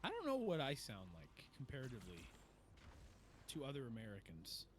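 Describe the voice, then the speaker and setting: A man's voice: medium pitch, wildly swooping pitch, brisk, a little hiss or hum. Rambling man with a northeastern Pennsylvania accent. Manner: rambling, swears, laughs easily. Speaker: podcast co-host. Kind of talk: casual chat while gaming.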